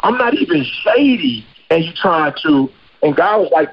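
A man's voice: a little high, lively intonation, moderate pace, slightly rough, lo-fi sound. Slangy emphatic male podcast host. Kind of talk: casual podcast talk.

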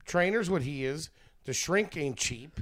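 A man's voice: on the high side, expressive, a little slow, fairly bright tone. A man chatting on a casual comedy podcast, answering with dry, teasing comebacks.

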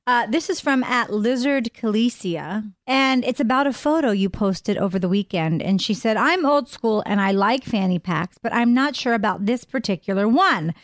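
A woman's voice: fairly high pitch, lively intonation, normal speed, hardly any pauses, no echo. A woman co-hosting a radio show in a studio, chatting in a cheerful way and laughing easily. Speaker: radio co-host. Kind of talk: casual radio chat. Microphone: studio microphone.

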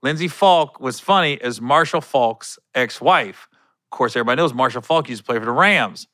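A man telling a long, rambling story in a casual, animated way, often correcting himself mid-sentence. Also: mid-range voice, normal speed, no echo.

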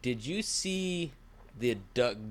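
A man hosting a casual sports talk show, opinionated and exasperated, climbing high in pitch when he gets heated. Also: lively intonation, slow.

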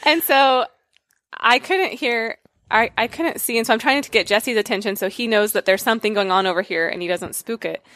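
A woman's voice: fairly high pitch, brisk, a bit bright, no echo, clean studio sound. A woman telling a story in casual conversation, acting out quotes and laughing often. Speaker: guest.

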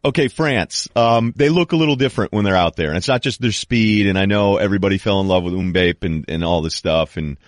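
A man's voice: sits low, fairly quick, few pauses, no echo, clean studio sound. A man hosting a sports podcast in casual chat, hesitant and self-deprecating with wry humor. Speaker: podcast host.

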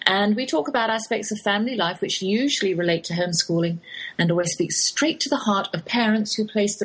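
Husky-voiced English woman hosting a chat show. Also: mid-range voice, fairly bright tone, poor audio. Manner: chatty and wry, with British turns of phrase. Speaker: host. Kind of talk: chatty radio talk show monologue. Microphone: studio microphone in a home office.

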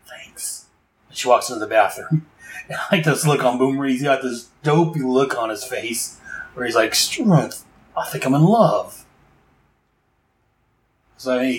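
A man recapping and reviewing a comic book in a casual, rambling way. His voice sits in an ordinary middle pitch. He fills pauses with fillers and eager asides about the scenes he likes. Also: echoey room, rough recording.

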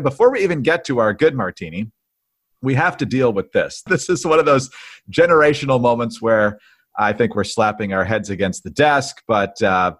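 A man co-hosting a political podcast, chatting in a wry, lively way. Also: fairly low pitch. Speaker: podcast co-host. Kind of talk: casual political podcast chat.

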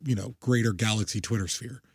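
A man co-hosting a podcast in casual chat, loose and quick with asides and curses. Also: fairly low pitch, creaky, slightly rough, dry recording, clean studio sound. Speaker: podcast co-host.

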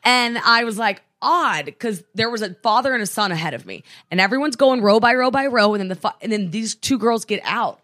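A woman co-hosting a casual chat podcast from a hotel room. She tells an animated story and acts out the people in it. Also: fairly high pitch, fairly quick, hardly any pauses. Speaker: podcast co-host.

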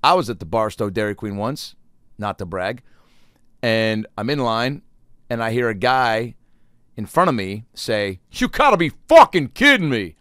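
A man telling a rambling, profane comic story in a casual monologue, breaking into loud acted-out quotes. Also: on the low side, a little slow, pauses often, clear, resonant tone, no room sound, studio quality. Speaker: comedian.

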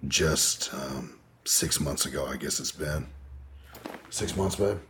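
A man's voice: a bass voice, takes it slowly, a bit bright, a little hiss or hum. A man telling a long personal story as a podcast guest, in a laid-back, profane, rambling way. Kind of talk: casual storytelling in an interview.

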